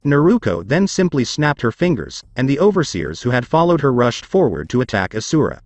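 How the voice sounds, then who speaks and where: Male narrator for a scripted story read, lively, steady, dry close mic. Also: mid-range voice, fairly quick, dry recording, faint music behind.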